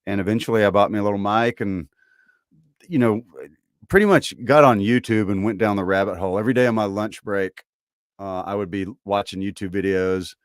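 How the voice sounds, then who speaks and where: Low-voiced Southern man, relaxed drawl. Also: a little fast, smooth, no room sound, studio quality. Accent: Southern American. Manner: relaxed, thoughtful, trailing fillers. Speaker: voice actor guest. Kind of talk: casual podcast conversation.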